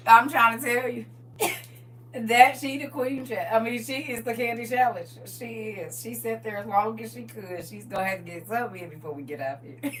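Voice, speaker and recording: Livestream host, a woman with a sharp, bright voice who laughs often and speaks from a distant mic with a low hum behind her. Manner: laughs often, repeats "listen" and "I'm trying to tell you"; drifts into gentle spiritual advice. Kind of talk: casual livestream chat.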